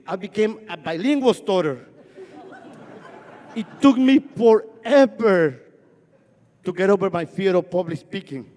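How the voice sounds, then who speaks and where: Long hall reverb hangs behind every line as a high, mellow-voiced man tells his personal story at a festival. He is from Guatemala with Spanish as his first language, and he stutters while using repetition to build rhythm.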